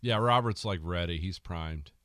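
A man's voice: sits low, normal speed, a bit bright, no room sound, studio quality. A man riffing sarcastically on a movie in a podcast chat, slipping into mock quotes of the characters. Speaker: podcast co-host. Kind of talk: casual film commentary chat.

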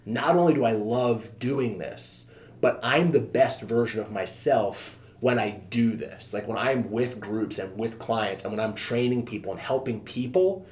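A fitness trainer in his thirties, appearing as a podcast guest, tells his own story candidly and casually. His voice is on the low side, and he speaks with many fillers and swears easily.

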